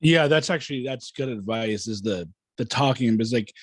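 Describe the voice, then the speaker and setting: A man's voice: mid-range voice, moderate pace, dry recording. A man hosting a casual podcast, asking long, hesitant questions full of fillers. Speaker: podcast host.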